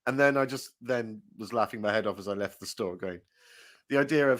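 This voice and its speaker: A man's voice: lowish voice, brisk, fairly bright tone. A man hosting a comedy show, chatting casually, giggling often and slipping into silly put-on voices.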